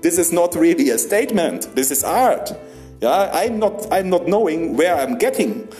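A young man, a stand-up comedian, giving a rambling comic monologue in halting non-native English, laughing between lines and often tagging "yeah?". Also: fairly high pitch, big pitch swings, darkish tone, faint music behind.

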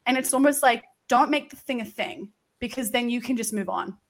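A young woman hosting a casual chat over a video call, giving frank, animated advice. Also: a little high, a little fast. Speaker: podcast host.

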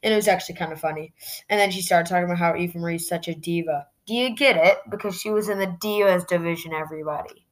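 A woman's voice: fairly low pitch, steady tone, fast. A woman hosting a podcast, casually reviewing a wrestling show in a chatty way, full of "like" fillers. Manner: chatty, heavy use of "like" fillers. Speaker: podcast host.

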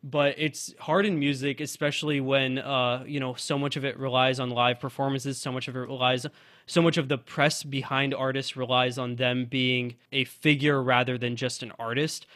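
A man's voice: mid-range voice, level tone, normal speed, fairly bright tone, no echo, clean studio sound. A man who co-hosts a college radio podcast, chatting loosely about music with lots of fillers and restarts. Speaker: college radio sports director and podcast co-host.

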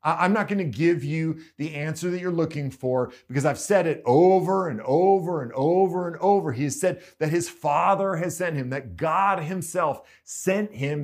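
Male preacher, casual sermon delivery with lively, swinging pitch. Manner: conversational, animated storytelling. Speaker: pastor.

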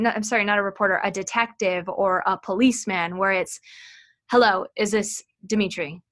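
A woman with a bright, crisp voice explains sales technique as an interview guest. She is chatty and explanatory and tosses in quick asides. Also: mid-range voice. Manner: chatty, demonstrates phone tonality with quick asides. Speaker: sales training consultant.

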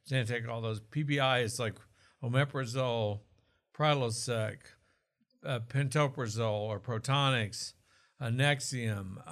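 A man's voice: medium pitch, vocal fry, a bit bright. A man from Oklahoma talking casually about health as a co-host, explaining with asides and jokes. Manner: chatty, explanatory, jokes and restarts.

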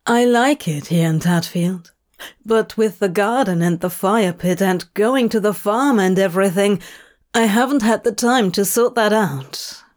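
A woman's voice: mid-range voice, measured pace, natural voice. Woman voicing a blunt, swearing man. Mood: hesitant.

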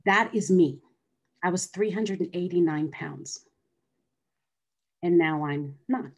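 A woman's voice: lowish voice, slow pace. A middle-aged woman earnestly telling her personal story as an interview guest. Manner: earnest, acts out quoted voices.

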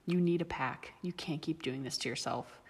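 A blunt, self-assured young werewolf woman, as a narrator plays her, low-pitched and husky. Her words land measured and plain, with a long reverb behind them. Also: a little mellow.

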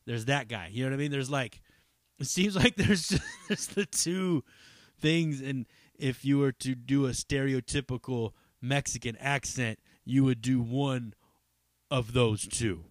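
A man's voice: mid-range voice, a little slow, dry recording, clean studio sound. Profane rambling male podcast host. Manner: rambling and profane, full of fillers and asides. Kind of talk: casual chat.

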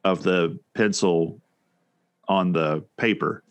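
A man's voice: deep voice, takes it slowly, no room sound. A man co-hosting a casual chat show, talking in a rambling way with many restarts and fillers. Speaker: podcast co-host.

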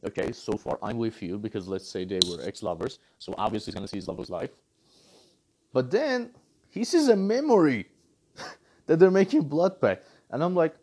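A man's voice: mid-range voice, moderate pace, breathy edge. A man giving a casual, exasperated movie review full of sarcasm. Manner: animated, exasperated critique with sarcasm.

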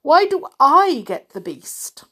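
Storybook: a fussy, fretting male clock servant, high and anxious, done by a woman reader. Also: big pitch swings, slow, fairly bright tone, heavily acted. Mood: fretful. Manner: fretful, clipped and worried.

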